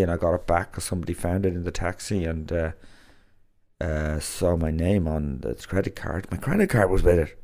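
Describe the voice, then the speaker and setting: A man talks casually as a podcast host. His voice sits very low. He rambles, circling back with fillers and restarts. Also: warm tone.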